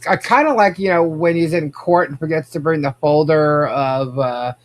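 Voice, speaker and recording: A man's voice: fairly high pitch, normal speed. A man hosting a casual podcast, chatting and reacting to viewer comments. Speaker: podcast host. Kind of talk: casual gossip chat.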